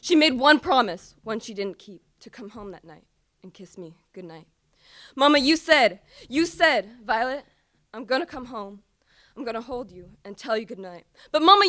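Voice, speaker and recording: A woman's voice: on the high side, a bit bright, no room sound, studio quality. A teenage girl performing an impassioned, pleading slam poem with repetitive cries to her mother. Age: teens. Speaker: student poet.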